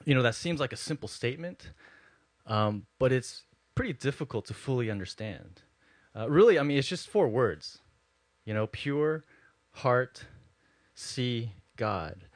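A man's voice: medium pitch, no echo. A man preaching a conversational sermon, with many fillers and asides. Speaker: pastor.

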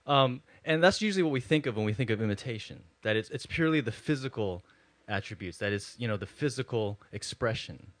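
A man's voice: mid-range voice, fairly bright tone, dry recording. Brief: male pastor, easygoing sermon talk, dry close sound. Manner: conversational, filler-heavy.

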